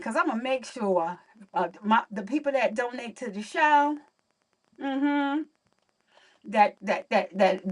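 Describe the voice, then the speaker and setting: A chatty young woman hosts a livestream from home. Her voice sits a little high, and she talks straight to her viewers through a computer mic. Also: distant mic. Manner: chatty, talks to viewers while fixing audio. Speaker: livestream host. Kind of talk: casual livestream chat.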